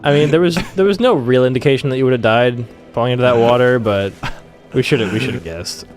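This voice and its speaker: A man's voice: medium pitch, fast, music in the background. A young man co-hosting a game playthrough, laughing often and teasing while guiding the player. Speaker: gaming co-host. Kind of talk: casual let's play chat.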